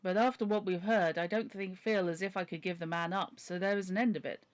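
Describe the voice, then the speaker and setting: A woman's voice: fairly low pitch, fairly even intonation, a little fast, natural voice. A woman voicing a decisive young male baronet while reading a novel aloud. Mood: brisk.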